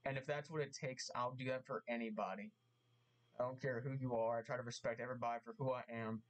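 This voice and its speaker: Guy doing an apology vlog, halting, keeps restarting, earnest, average pitch. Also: fairly even intonation, poor audio. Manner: halting, repeats himself, earnest and emotional. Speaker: vlogger. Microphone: mask on, camera vlog.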